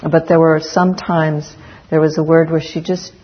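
A middle-aged woman giving a Buddhist dharma talk, speaking slowly and reflectively with many pauses and fillers. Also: deep voice, flat delivery, highs cut off.

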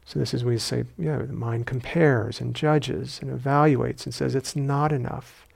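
A man with a gravelly, fry-edged voice gives a dharma talk at a meditation retreat center. He speaks in a reflective, unhurried way with gentle humor and a middle-pitched tone. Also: fairly even intonation. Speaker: meditation teacher.

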